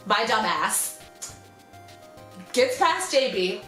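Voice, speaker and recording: A young woman vlogger telling a story casually and animatedly, acting out quotes in high squeals. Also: animated, slow pace, long pauses, a bit bright, soft background music. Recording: echoey room.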